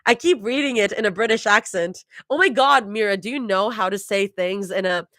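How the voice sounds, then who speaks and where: A woman's voice: mid-range voice, fairly quick, fairly bright tone, dry recording, clean studio sound, voice pushed up, lightly acted. A woman reading aloud, voicing a bubbly, teasing young woman with a raised, chirpy voice.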